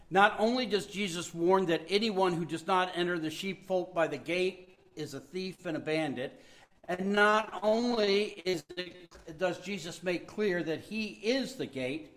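Male pastor, mid-high voice, slow deliberate sermon delivery, emphatic. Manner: emphatic, slowing down on key words, dropping to a soft hush; admits his own weariness.

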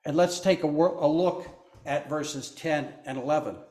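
A man's voice: a little high, a little mellow, roomy sound. A man preaching a sermon, reading scripture and adding asides to the congregation. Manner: slow, deliberate delivery with asides to the congregation.

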